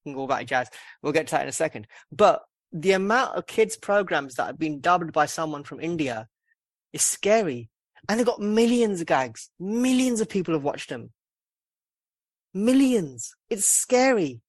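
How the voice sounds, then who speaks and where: A man's voice: on the high side, very animated, normal speed, no room sound. A man hosting a casual podcast chat, joking, swearing and laughing at his own gags. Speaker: podcast host. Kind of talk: casual banter.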